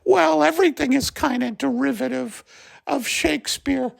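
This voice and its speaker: A hoarse man voicing a fretful, nagging middle-aged housewife in a comedy sketch, with a gravelly voice. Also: very high-pitched, moderate pace, no room sound, full character voice. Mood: chiding, chatty. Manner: lively, nagging, talks over her husband. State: hoarse from bronchitis.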